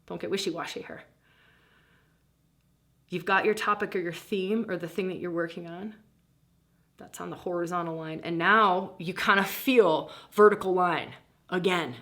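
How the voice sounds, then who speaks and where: A middle-aged woman teaches a guided spiritual practice in a breezy, animated way, laughing often and acting out inner voices. Her voice is on the low side, at normal speed, with frequent pauses.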